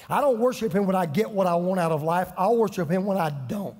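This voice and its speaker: Husky-voiced man preaching with passion. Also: high voice, brisk, hardly any pauses, darkish tone, in a large hall. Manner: impassioned preaching with dramatic quoted voices. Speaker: pastor. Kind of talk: sermon. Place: church sanctuary.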